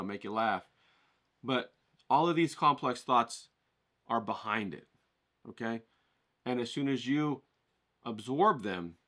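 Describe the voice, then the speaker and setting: Leading an art class, this man takes an encouraging, coaching approach and keeps checking in with whoever is listening. His delivery is animated, climbing in pitch as his excitement builds.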